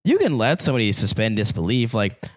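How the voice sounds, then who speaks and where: A man on a podcast talking in an animated way, swearing heavily and repeating himself as he works out his point. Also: on the low side, fast. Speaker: podcast co-host. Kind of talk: casual podcast chat.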